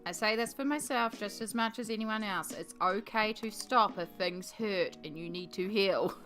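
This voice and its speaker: An upbeat woman talks to her live-stream chat while she paints, in a relaxed, rambling way. Her voice sits in a middle pitch range. Faint music plays underneath. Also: moderate pace. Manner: chatty and upbeat, reading and answering chat. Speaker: art streamer.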